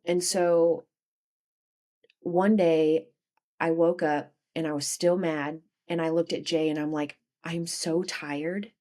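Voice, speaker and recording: A young adult woman, a podcast guest, telling a candid personal story, animated, dropping quiet and then bursting out loud. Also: deep voice, slow pace.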